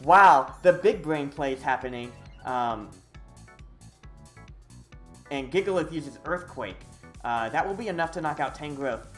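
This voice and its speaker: A streamer giving live commentary on a video game, excitable and full of hesitant fillers. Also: medium pitch, a little slow, pauses often, soft background music. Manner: excitable, swings from quiet muttering to loud whooping.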